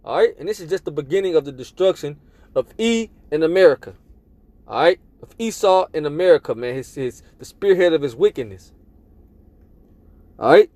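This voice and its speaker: Preacher, male, high voice, dry close sound, emphatic scripture-reading sermon. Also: animated, normal speed, a little mellow, no room sound. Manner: emphatic, tags lines with "man" and "all right?".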